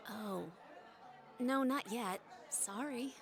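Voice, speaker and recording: A woman's voice: on the high side, drawn-out words, husky, a faint crowd, heavily acted. A woman voicing a polite, reserved teenage schoolgirl in a video game. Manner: polite and soft-spoken.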